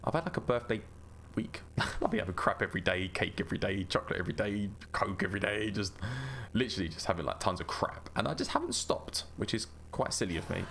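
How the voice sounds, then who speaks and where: A man's voice: fairly low pitch, quick pace, creaky, fairly bright tone, slight background noise. A man hosting a gaming channel, chatting through gameplay in a rambling, self-mocking way. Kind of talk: casual gameplay commentary.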